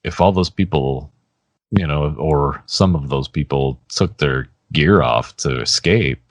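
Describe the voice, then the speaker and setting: A man with a strikingly deep, low voice talks casually as a podcast co-host. He rambles in a relaxed way, laughing easily, and the sound is dry and close to the mic. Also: unhurried, no room sound. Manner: relaxed, laughs often, trails off. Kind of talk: casual chat.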